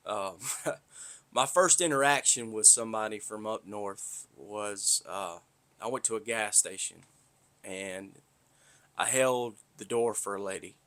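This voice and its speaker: A man's voice: on the low side, unhurried, sharp tone. A man from north Florida with a Southern accent, hosting a podcast in a rambling, profane, blunt monologue. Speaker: podcast host. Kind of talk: casual monologue.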